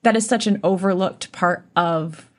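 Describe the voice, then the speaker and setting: Earnest woman podcast co-host. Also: on the low side. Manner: earnest, thoughtful, halting. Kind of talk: casual podcast interview.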